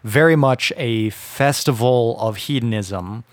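A man in a casual podcast conversation, speaking at a middle pitch. He makes his points deliberately and holds firm opinions. The recording is close and dry. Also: no echo. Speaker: podcast co-host.

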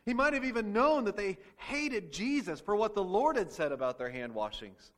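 A man's voice: high-pitched, sing-song, normal speed, a bit bright. A man preaching a sermon as pastor, asking the congregation rhetorical questions and acting out quoted speech.

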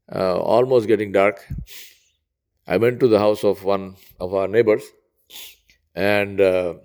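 A man preaching in a conversational storytelling way, retelling an old tale with lively quoted dialogue. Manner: conversational, rising high when quoting characters. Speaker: Islamic preacher. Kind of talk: storytelling sermon.

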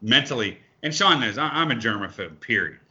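A man's voice: mid-range voice, expressive, fairly quick, sharp tone. A man co-hosting a podcast in casual chat, ranting heatedly and swearing often. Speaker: podcast co-host. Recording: dull lo-fi sound.

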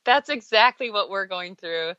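A woman's voice: mid-range voice, moderate pace, smooth, dry recording. A middle-aged woman guest on a podcast, chatting casually and telling stories in an upbeat, agreeable way. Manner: animated storyteller, upbeat, agreeable. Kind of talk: casual conversational interview. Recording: dull lo-fi remote line.

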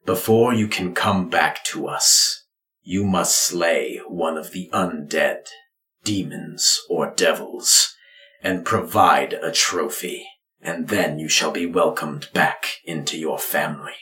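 A man voicing a grave, proud lizardfolk clan father who speaks in slow, weighty pronouncements. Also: low voice, sharp tone, voice pushed down, exaggerated voice. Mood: solemn. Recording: roomy echo.

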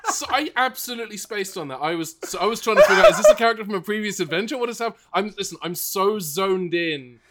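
A man's voice: sits high, sing-song, quick pace, few pauses, fairly bright tone, slight background noise. A man playing in a tabletop role-play podcast, chatting playfully with wordy jokes. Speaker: player. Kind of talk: casual chat in a game podcast.

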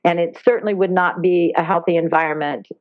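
A woman's voice: fairly low pitch, quick pace, dry recording. Woman on a tinny phone line. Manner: earnest and animated, laughs easily. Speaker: guest, dolphin therapy program founder. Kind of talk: casual interview talk. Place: lives in Hawaii. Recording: phone-line sound, dry.

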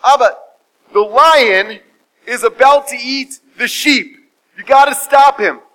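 A man voicing Noah's young son, who rushes in urgently calling his father in a sermon story. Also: extremely high pitch, bright, forceful tone, voice pushed up, full character voice, rough recording.

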